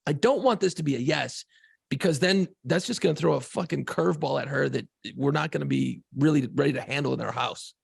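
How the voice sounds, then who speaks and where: A man's voice: a little high, no room sound, studio quality. A man co-hosting a casual podcast, swearing freely and rambling through a long story about home life. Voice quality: gravelly. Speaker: podcast co-host.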